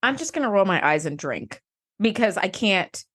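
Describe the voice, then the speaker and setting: A woman co-hosting a podcast, giving lively, exasperated commentary in casual chat. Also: mid-range voice, moderate pace, slightly rough. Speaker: podcast co-host.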